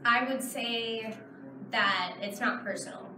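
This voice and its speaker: A woman's voice: fairly high pitch, slow, roomy sound, distant mic, background noise. A woman in her thirties from Texas, answering audience questions at a convention panel in a chatty, rambling way. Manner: chatty, explains with many fillers. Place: large convention hall. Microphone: far camera in the audience.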